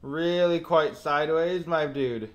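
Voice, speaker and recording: A man streaming a game, reacting live and rating each landing out loud with quick, excitable commentary. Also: fairly high pitch, dull audio.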